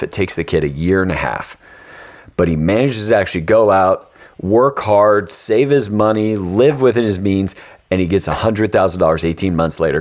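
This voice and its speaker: A man with a notably low, deep voice hosts a podcast in a relaxed, conversational way. He tells stories with energy, slipping into voices for the characters, then turns earnest as he offers advice. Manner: animated storyteller, acts out the characters. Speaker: podcast host. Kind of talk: casual storytelling chat.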